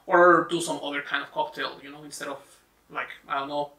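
A Mexican-accented man with a fairly high, bright, forceful voice, hosting an easygoing chat. He leans on fillers like "like" and "right?". He sits away from the mic, so the room rings around him. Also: brisk. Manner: relaxed, full of fillers like "like" and "right?". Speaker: host. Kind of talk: casual chat. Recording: echoey room, mic at a distance.

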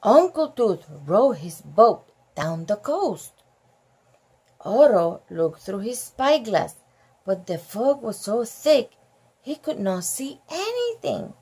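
A woman's voice: fairly high pitch, sing-song, slow pace, mellow, breathy edge. A woman reading a picture book aloud with chatty asides, giggly and easily amused. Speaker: storybook reader.

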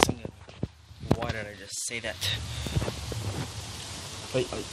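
Man giving playful gameplay commentary over loud noise. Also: fairly low pitch, little pitch movement, unhurried. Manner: playful, chatty, talks to viewers, giggly. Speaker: gaming video host.

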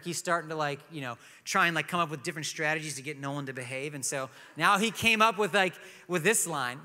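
A man's voice: high voice, sharp tone. A man in his thirties, a pastor preaching a sermon in a conversational storytelling way with light humor. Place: church sanctuary. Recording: long hall reverb.

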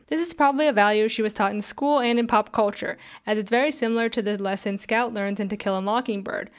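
Woman narrating a critical video essay. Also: mid-range voice. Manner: critical, conversational, with sarcastic asides.

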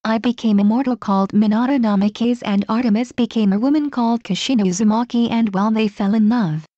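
A woman's voice: fairly high pitch, a little fast, dark tone, no room sound, lo-fi sound, natural voice. A woman reading the lines of a proud young male sun god in a fan story, in her own plain voice. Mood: earnest.

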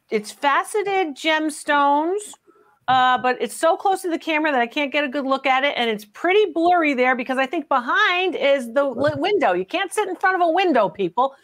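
High-voiced chatty woman appraiser. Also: fairly bright tone. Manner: chatty and teasing, calls guests honey and babe, laughs often. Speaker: antiques appraiser hosting a live call-in show. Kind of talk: lively live-stream chat with callers.

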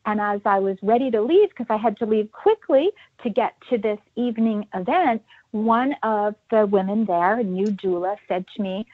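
A middle-aged woman tells a story with lively energy, acting out the people she quotes. The sound is slightly dull and very dry. Her pitch sits in an average range for a woman. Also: normal speed, no room sound. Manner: animated storyteller, acts out quoted voices. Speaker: podcast guest, birth educator. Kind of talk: storytelling in a podcast interview.

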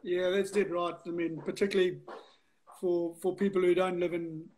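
A man's voice: high-pitched, little pitch movement, moderate pace, darkish tone. A man from South Africa as a guest on a video call interview, easygoing and self-deprecating.

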